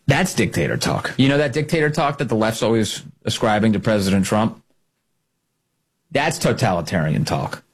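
Husky guy ranting on his politics show, voice swings up and down a lot, punchy and repeats himself for effect. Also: fairly low pitch, big pitch swings, normal speed. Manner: emphatic and combative, repeats key phrases. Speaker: political commentary host. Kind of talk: fiery political commentary.

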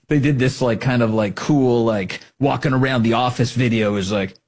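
A man hosting a talk radio show, giving opinionated commentary in an animated, sarcastic way. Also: moderate pace. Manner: animated, sarcastic, swings into high mocking voices.

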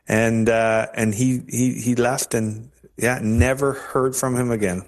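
A man's voice: mid-range voice, little pitch movement, moderate pace, few pauses. A man from Canada telling his conversion story as an interview guest, earnest and emotional, with many restarts. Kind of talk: personal faith testimony.

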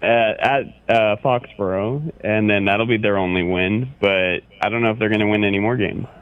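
A man's voice: on the low side, moderate pace. A man from Orange County calling in to a radio show, needling the host in teasing banter. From Orange County, California. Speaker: caller. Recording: tinny phone line.

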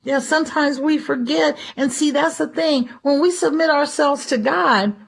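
A woman's voice: high-pitched, moderate pace, vocal fry. A woman preaching a conversational devotional sermon in a chatty way, often acting out the voices of people she quotes.

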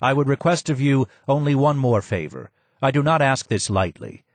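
A man's voice: mid-range voice, big pitch swings, normal speed, no room sound. A man voicing a courteous male guide who speaks in a polite, formal and earnest way.

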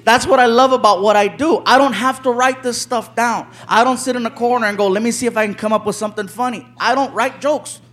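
High-voiced man telling a stand-up story. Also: fairly quick, hardly any pauses. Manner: animated, acts out other characters' voices. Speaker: stand-up comedian. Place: live comedy venue with audience. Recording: live stage recording with crowd noise.

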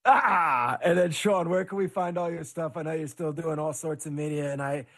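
A man hosting a sports podcast, upbeat and quick to laugh while he hands off to his guests. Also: fairly high pitch, fairly bright tone. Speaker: podcast host. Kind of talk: wrapping up an interview.

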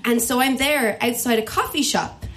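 An Irish woman telling a comic personal story live, animated and self-mocking, acting out the voices of the people in it. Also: a little high, normal speed. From Ireland.

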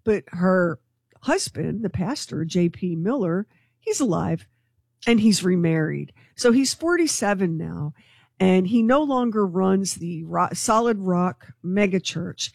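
A woman co-hosting a morning radio show, telling a news story to her co-hosts in an excitable, gossipy way. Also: fairly low pitch, unhurried, creaky, no room sound. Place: radio studio.

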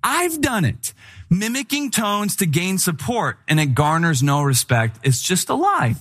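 Man preaching with slightly higher pitch. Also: a little slow. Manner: animated and candid, with humorous asides. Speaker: pastor. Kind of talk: conversational sermon.

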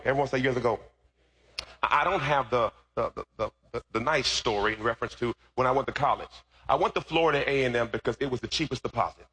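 A male pastor preaching a sermon, moving from relaxed storytelling to loud, fervent, shouted preaching. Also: medium pitch, fast talker, husky.

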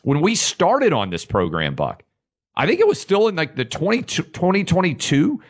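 A man's voice: fairly high pitch, wildly swooping pitch, moderate pace. A man co-hosting a political talk show, emphatic as he reads out quotes and argues. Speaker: radio co-host.

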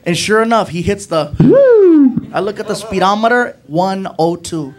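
A male stand-up comedian telling an animated story and acting out the people in it. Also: high voice, moderate pace. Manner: animated, acts out voices.

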